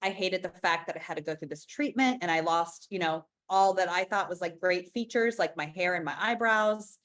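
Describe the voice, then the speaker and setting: A woman's voice: lowish voice, normal speed, a bit bright. A woman in her forties, an interview guest talking frankly and emphatically, often restarting her sentences. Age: 40s. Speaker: interview guest, business founder. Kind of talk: candid conversational interview.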